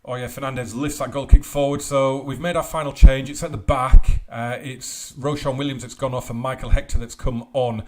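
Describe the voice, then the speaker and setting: A young man hosting a let's play, commentating a football management game with mumbled asides and sudden loud outbursts. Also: mid-range voice, fairly even intonation, a little fast, hardly any pauses. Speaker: gaming channel host.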